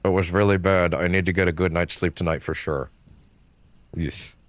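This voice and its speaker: Man, game streamer, casual rambling commentary, fairly low voice, dry close sound. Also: fairly even intonation, normal speed, no echo. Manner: rambling, filler-heavy, swears and laughs often. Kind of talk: casual live gameplay commentary.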